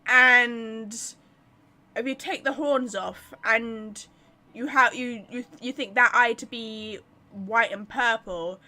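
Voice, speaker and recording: A woman streamer giving casual, rambling game commentary, excitable and full of fillers. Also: on the high side, slow.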